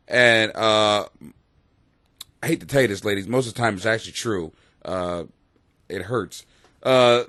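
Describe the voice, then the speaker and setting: Crude, rambling man with a lively voice. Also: medium pitch, fairly quick, dry recording, clean studio sound. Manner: crude, blunt and rambling, with frequent swearing. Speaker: host. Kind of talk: profane comedic rant to camera. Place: home basement.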